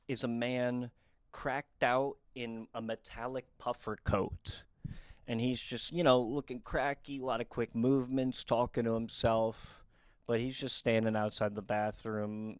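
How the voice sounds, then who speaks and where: A young man telling comic true stories in a quick, deadpan and wry way. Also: medium pitch, dry recording, clean studio sound. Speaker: comedic storyteller. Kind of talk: storytime comedy monologue.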